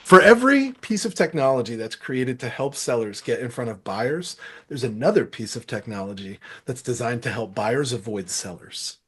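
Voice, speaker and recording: A middle-aged man giving a sales masterclass, energetic and acting out sample phone calls as he teaches. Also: mid-range voice, moderate pace, slightly rough. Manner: energetic, acts out calls and quotes. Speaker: sales trainer. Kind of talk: masterclass talk.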